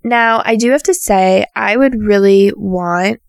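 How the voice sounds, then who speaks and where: A young woman talks alone in a casual recap, blunt and sarcastic, with swearing scattered through her chat. Her voice sits at an ordinary middle pitch. The sound is dry and close, with no room echo. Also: measured pace, creaky. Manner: acts out quotes in raised voices. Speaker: podcast host recapping a reality show.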